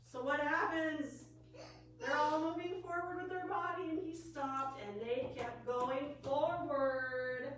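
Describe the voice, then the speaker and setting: Story-time librarian: high, animated, teacherly; roomy and distant. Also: female voice, takes it slowly. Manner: bright, coaxing teacher talk with questions. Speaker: children's librarian. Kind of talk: story time read-aloud for preschoolers. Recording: echoey room, distant mic, faint hiss.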